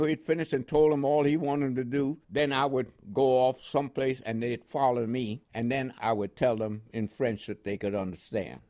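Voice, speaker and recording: A man's voice: mid-range voice, darkish tone. An older man recounting his wartime service in an oral history interview, rambling and chuckling, with frequent repeated words. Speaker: war veteran interviewee.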